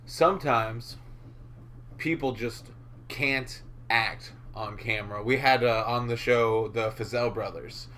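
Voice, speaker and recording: A man's voice: medium pitch, slow, a bit bright, a little hiss or hum. A man co-hosting a podcast in casual chat, rambling and explaining his points with many fillers. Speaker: podcast co-host.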